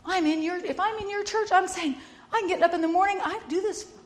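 An older woman co-hosting a Christian talk show, telling stories in a loud, animated way and laughing often. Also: very high-pitched, quick pace. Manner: loud and bossy by her own account. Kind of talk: casual faith-based chat.

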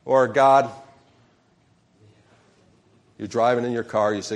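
A man's voice: medium pitch, steady tone, takes it slowly, pauses often. A man preaching a sermon as pastor, calling questions out to the congregation and acting out sample prayers.

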